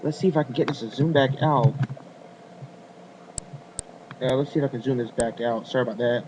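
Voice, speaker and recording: Fast-talking man with dull lo-fi sound. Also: medium pitch, background noise. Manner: fast, rambling, many fillers and apologies. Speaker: amateur weather forecaster. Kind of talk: casual screen-share forecast video.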